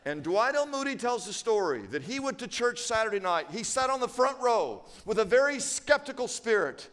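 A preacher with a notably high voice tells a story from the pulpit, stacking phrase on phrase as he builds. He is winded and pushes on with emphatic drive. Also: a bit bright. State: out of breath. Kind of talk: sermon storytelling.

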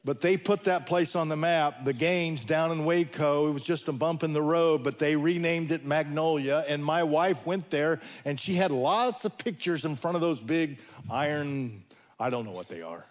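Folksy male preacher with a slightly high voice. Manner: storytelling, folksy humor, dramatic pauses. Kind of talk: sermon.

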